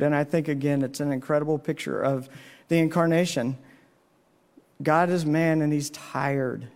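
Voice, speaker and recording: Male pastor, sermon delivery, earnest storyteller, pitched a bit high. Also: darkish tone.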